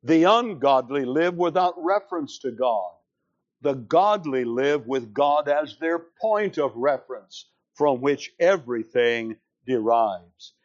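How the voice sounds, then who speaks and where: A man preaching an expository sermon, explaining scripture slowly and with emphasis. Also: medium pitch, lively intonation, lo-fi sound. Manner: slow, deliberate, emphatic reading of scripture.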